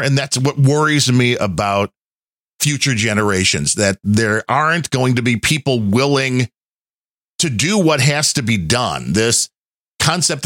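A man's voice: mid-range voice, fairly bright tone, no room sound, studio quality. A man hosting a podcast, chatting in a rambling, conversational way. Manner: rambling, conversational, many fillers. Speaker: podcast host. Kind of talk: casual chat.

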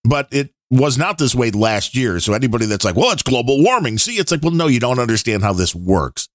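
An opinionated man hosting a casual talk show, with a middle-pitched voice. He chats easily, trailing off with fillers now and then. The sound is close and dry. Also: lively intonation, no room sound. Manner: conversational, opinionated, drawn-out pauses and fillers. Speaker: podcast host. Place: Chicago area.

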